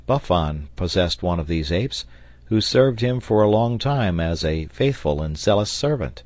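A man narrating an audiobook in a steady, even storytelling manner on a close mic. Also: sits low, a little slow, no room sound. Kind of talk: scripted narration.

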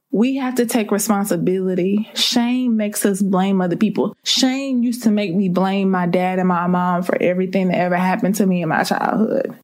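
A woman's voice: mid-range voice, steady tone, normal speed, few pauses, darkish tone. A woman preaching a sermon with impassioned, repeated rhetorical questions.

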